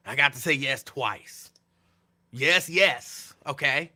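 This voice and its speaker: A man hosting a casual live talk show from home, reacting with animated disbelief to viewers' comments. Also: high voice, slow pace, long pauses. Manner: animated, incredulous, talks back to viewers' comments. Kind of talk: casual live-stream chat.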